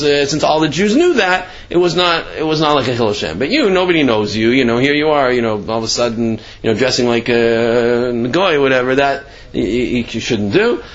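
A man telling a Torah story in a casual lecture. He acts out the quotes sudden leaps in pitch and rushed asides. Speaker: Torah class speaker. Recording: slightly dull lo-fi recording.

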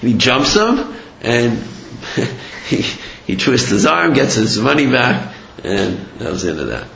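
An animated man gives a religious lesson, telling a story with a lively, swooping voice and plenty of fillers. The sound is roomy and a bit dull, with faint noise behind him. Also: medium pitch, a little slow, vocal fry. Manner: animated, digressive, many fillers. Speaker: religious teacher. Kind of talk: sermon with storytelling. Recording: roomy, slightly dull recording.

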